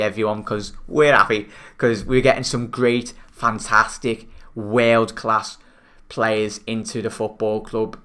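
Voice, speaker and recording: A young Scouse-accented man from Liverpool, England, hosts a football fan channel, chatting on his stream, reading viewer comments and calling people mate. His lowish voice is sharp, clear and resonant, picked up by a new desk microphone.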